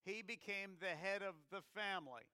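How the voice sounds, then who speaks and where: An American pastor gives a chatty sermon, often restarting his sentences and asking the congregation questions. His voice is high and smooth. The sound is close and dry. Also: moderate pace, pushed and bright, no room sound.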